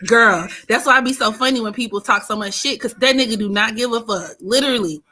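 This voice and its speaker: A woman hosting a casual livestream, greeting chat viewers and reading astrology charts in an animated way. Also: on the high side, quick pace. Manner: animated, greets chat by name, breaks into singing. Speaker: livestream host and astrology reader.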